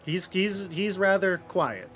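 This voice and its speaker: A man's voice: high-pitched, expressive, slow, a bit bright, faint music behind. A man narrating a tabletop role-playing game as game master, in rambling, chatty descriptions full of fillers.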